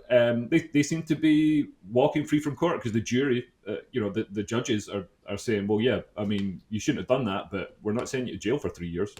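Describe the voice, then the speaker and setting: A man co-hosting a casual political podcast chat, sarcastic, often dropping his voice low. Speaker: podcast co-host. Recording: roomy echo.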